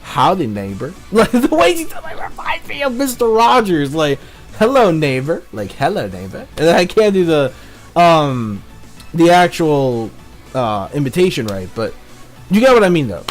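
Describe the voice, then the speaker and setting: A man giving a casual spoken review of a cartoon episode, excitable and rambling, with plenty of fillers and swearing. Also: fairly high pitch, measured pace, faint music behind.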